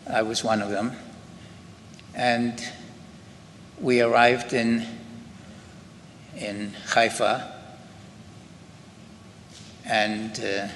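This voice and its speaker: An older man with a Scottish accent, giving slow, halting spoken testimony to an audience in a synagogue hall. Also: medium pitch, bright, forceful tone. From Scotland. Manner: slow, halting storytelling with many pauses and restarts. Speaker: Holocaust survivor giving testimony. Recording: reverberant hall with faint ambient noise.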